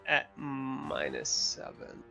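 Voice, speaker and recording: A man serves as game master for a tabletop game, narrating in a relaxed, halting way with many fillers. His mid-range voice is creaky, and soft music plays behind him.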